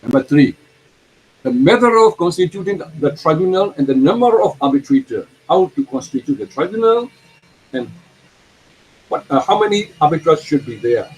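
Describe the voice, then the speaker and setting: A man lecturing a university law class, explaining terms slowly, repeating them and putting questions to the students. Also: fairly high pitch, very animated, breathy edge, rough recording.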